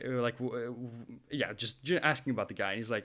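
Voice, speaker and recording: A young podcast co-host speaks at a typical middle pitch, fairly quickly and with hardly any pauses. He tells a long story on a casual show, full of lively energy, frequent laughter and restarted sentences.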